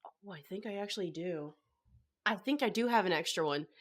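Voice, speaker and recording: A young woman telling a story in a casual podcast chat, excitable and acting out her own reactions. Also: lowish voice, fairly quick. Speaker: podcast guest.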